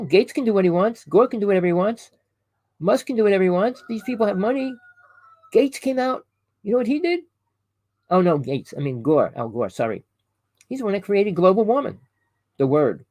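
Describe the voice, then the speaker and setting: A man's voice: high-pitched, big pitch swings, brisk, pauses often, a little mellow, no room sound, poor audio. A man delivering a rambling, preachy monologue to camera. He keeps correcting himself, calls his listeners "people" and fires off rhetorical questions. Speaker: online conspiracy commentator.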